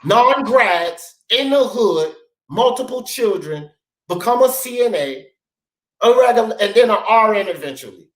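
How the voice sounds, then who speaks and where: A man's voice: high-pitched, animated, measured pace, fairly bright tone, roomy sound, low-quality recording. A man hosting a talk show, ranting bluntly and profanely in heated commentary. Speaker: sports talk show host.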